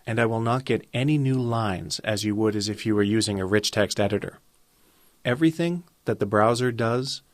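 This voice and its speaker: A man with a fairly low voice talks through a coding tutorial in a calm, step-by-step way. The sound is dry and close, with keyboard typing now and then behind him. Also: dry recording. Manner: calm, methodical, step-by-step explaining. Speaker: web design instructor. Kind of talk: screen-recorded coding tutorial.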